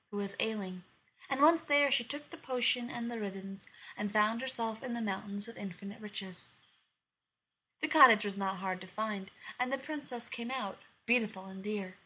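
A woman reading a fairy tale aloud in an even, measured storytelling voice. Her tone is bright and clear-edged yet husky underneath. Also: mid-range voice, rough recording. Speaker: narrator.

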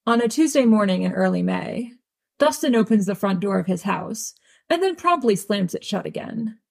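A woman's voice: mid-range voice, lively intonation, normal speed, vocal fry. A woman reading a fan audiobook aloud with wry, dry storytelling. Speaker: audiobook reader.

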